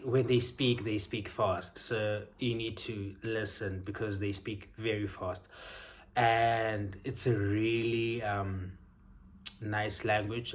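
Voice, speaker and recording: Chatty man, low voice. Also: fairly bright tone. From South Africa. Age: young adult. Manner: chatty, upbeat, frequent ums. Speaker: vlogger. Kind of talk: casual vlog chat.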